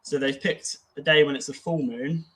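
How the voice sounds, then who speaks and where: A man's voice: fairly high pitch, steady tone, normal speed, a bit bright, poor audio. A man co-hosting a casual podcast chat, musing aloud in an easygoing way with many fillers. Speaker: podcast co-host.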